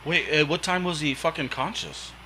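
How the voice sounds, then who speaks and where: A man talking casually as a podcast guest, relaxed and profane. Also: on the high side, normal speed, a little hiss or hum, low-quality recording. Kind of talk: casual chat.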